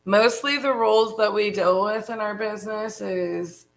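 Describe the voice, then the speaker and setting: Gravelly, chatty woman on a live stream. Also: medium pitch, measured pace, low-quality recording. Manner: chatty, frank, many fillers. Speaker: real estate wholesaling co-founder. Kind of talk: casual live stream chat.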